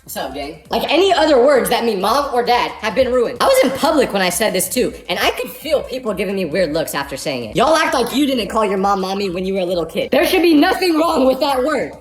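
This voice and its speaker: A young woman rattles off a comedic storytime at a quick clip, her pitch leaping and dipping all the way through. She rants in an exasperated, animated way. The room rings with echo under faint background music. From California. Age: young adult.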